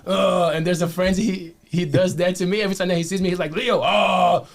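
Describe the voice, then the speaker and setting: Rambling Brazilian-accented guy, bit high. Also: quick pace. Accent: Brazilian Portuguese. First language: Portuguese. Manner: animated, rambling, restarts words. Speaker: guest. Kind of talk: casual chat.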